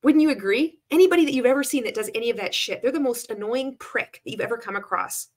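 Reacting to a sales pitch in a clip, a woman talks at a quick pace in a fairly high voice. Her casual commentary is sarcastic, blunt and laced with swearing, and she keeps bursting out laughing between remarks.

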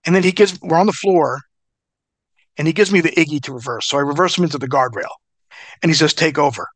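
A fast-talking middle-aged man, once a pro wrestler, shares stories in a casual interview, full of profanity, animation and laughter. His voice is fairly high-pitched, with no room sound.

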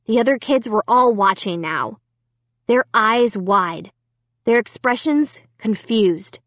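Woman audiobook narrator; dramatic, animated first-person storytelling, fairly high voice. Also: measured pace, no echo. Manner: expressive, dramatic reading.

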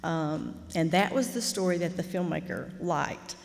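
A middle-aged woman, telling a candid, animated story while teaching a fiction master class. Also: on the low side, measured pace, creaky, slight background noise. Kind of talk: storytelling lecture. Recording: reverberant lecture hall.

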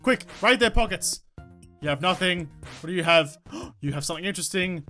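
A woman giving excitable, swear-filled let's-play commentary, talking to herself and the game. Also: fairly low pitch, brisk. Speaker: gaming YouTuber. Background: game music.

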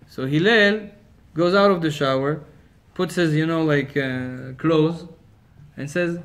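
Animated male rabbi telling a story. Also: a little high, slow pace. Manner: animated storyteller, swings between loud and quiet. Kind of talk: Torah lecture storytelling.

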